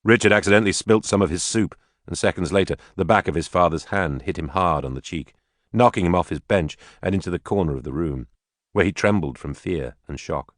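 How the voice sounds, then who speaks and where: A man narrating an audiobook in a measured, steady storytelling manner. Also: deep voice, no room sound, studio quality.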